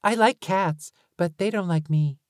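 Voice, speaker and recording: A woman's voice: on the low side, unhurried, a little mellow, dry recording, clean studio sound, pitched above the performer's own voice, natural voice. A woman voicing an odd little boy with glowing red eyes, chatty, earnest and oddly literal.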